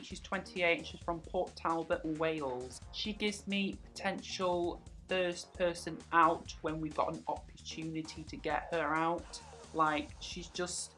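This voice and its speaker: A young man vlogging in a chatty, sarcastic way, with sudden high-pitched outbursts. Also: pushed and bright. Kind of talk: casual vlog commentary.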